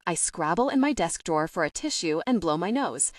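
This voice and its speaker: Expressive woman reading a novel aloud. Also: on the low side, brisk, no echo, studio quality, far from the mic. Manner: expressive storytelling. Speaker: audiobook narrator. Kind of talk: first-person novel narration.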